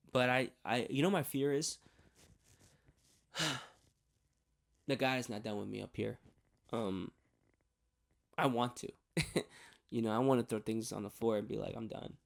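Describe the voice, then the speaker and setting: A man giving a candid personal faith testimony on his vlog, talking haltingly with many restarts and repeated words. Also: on the low side, steady tone, creaky. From New York. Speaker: faith vlogger.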